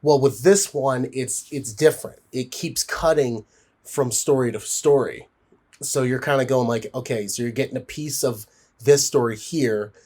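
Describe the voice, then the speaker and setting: A man's voice: mid-range voice, moderate pace, darkish tone. A man giving a casual spoken film review, rambling with frequent fillers and restarts.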